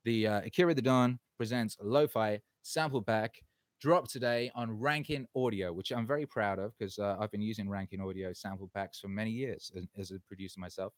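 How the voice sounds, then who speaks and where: A man's voice: fairly low pitch, a little fast, no echo. A man hosting his own live stream, swearing a lot and swinging between heated ranting and cheerful chat with viewers.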